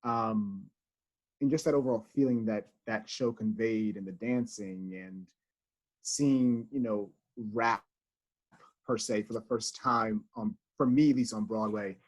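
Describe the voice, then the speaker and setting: A man's voice: lowish voice, fairly even intonation, measured pace. A man talking earnestly on a video call as a theater house manager, reflecting with many fillers. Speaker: associate house manager, guest.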